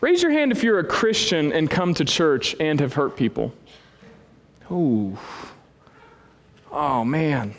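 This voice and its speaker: Animated male pastor in a reverberant hall. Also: normal speed, few pauses. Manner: animated, self-deprecating storytelling with big swings in pitch. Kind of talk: sermon. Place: church hall with a congregation. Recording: long reverb of a church hall.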